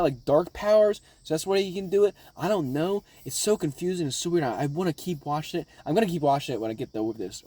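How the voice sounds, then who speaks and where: A man casually recapping episodes of a show, rambling and excitable, swearing constantly. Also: sits high, dry recording. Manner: rambling, profanity-laden, excitable. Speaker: anime reaction vlogger.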